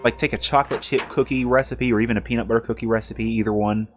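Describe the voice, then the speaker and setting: A man's voice: mid-range voice, steady tone, quick pace, music in the background. A man streaming a video game, chatting casually with rambling, jokey asides as he plays. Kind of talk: casual live-stream commentary.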